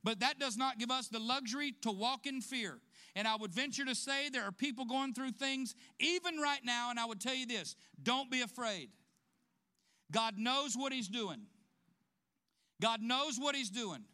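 A man preaches to his congregation in a high-pitched voice. His tone is bright and ringing, and he leans into his points with direct questions. Short laughs break up his sermon here and there. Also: moderate pace, clear, resonant tone. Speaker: pastor.

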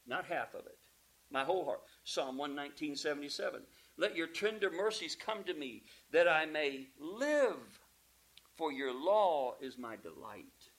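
Emphatic preacher, man. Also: rough recording. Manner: emphatic preaching with rhetorical questions and calls of amen; swings between loud emphatic peaks and low quiet asides. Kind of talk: sermon.

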